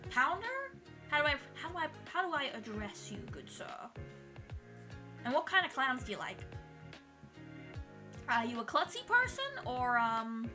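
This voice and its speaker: A woman's voice: high-pitched, sing-song, normal speed, long pauses, over music. A woman streamer chatting casually with her viewers while she draws, swearing freely and laughing often.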